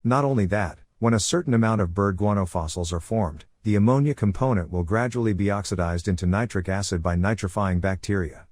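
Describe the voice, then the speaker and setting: Low-voiced man narrating a recap. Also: fairly quick, few pauses, a little mellow.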